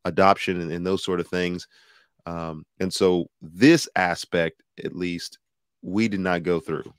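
Deep-voiced, measured male host. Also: steady tone, clear, resonant tone, no echo, clean studio sound. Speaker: podcast host. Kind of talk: interview questions.

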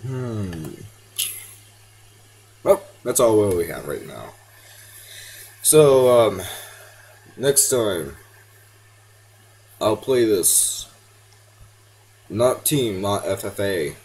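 Drawing out his words with long pauses, a teenage gamer with a fairly low, slightly rough voice gives casual commentary on a rough recording. He's excitable, yelping and pleading at the game, and slips into now and then.

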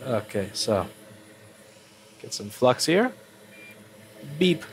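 A man's voice: medium pitch, brisk, slight background noise. A man with a stuffy cold walking through a circuit board repair at his workbench, blunt and swearing when annoyed. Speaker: repair technician. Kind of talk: casual repair walkthrough.

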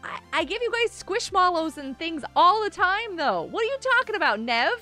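A woman's voice: extremely high pitch, big pitch swings, normal speed, bright, forceful tone. A woman live streamer chatting casually with her viewers, giggling often and reading the chat aloud. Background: faint music.

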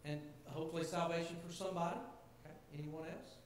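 Preaching to his church gathering in the sanctuary, this fast-talking pastor has a steady tone and a voice on the high side. His delivery is earnest and conversational, rising to emphatic points, captured in a very echoey hall with a faint hiss.

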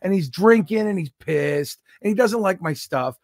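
A man with a high, gravelly voice tells a comic story in an animated, self-deprecating way. The sound is close and dry. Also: moderate pace, dry recording. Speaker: comedian guest.

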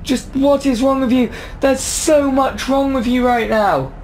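A man's voice: very high voice, fairly even intonation, unhurried, darkish tone, a little hiss or hum. Jumpy young man commenting on a horror game. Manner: jumpy, yelps and talks back at the game. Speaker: gaming YouTuber.

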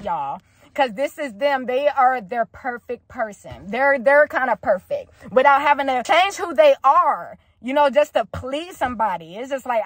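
A woman's voice: a little high, dry recording. A young woman giving a casual, gushing reaction to a TV episode, swearing freely and talking straight to her viewers.

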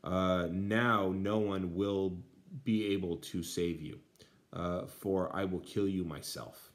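A man voicing a menacing bandit while reading a translation aloud, with pauses. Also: low voice, steady tone. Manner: read aloud with pauses, slow in places. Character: menacing male bandit, threatening a boy.

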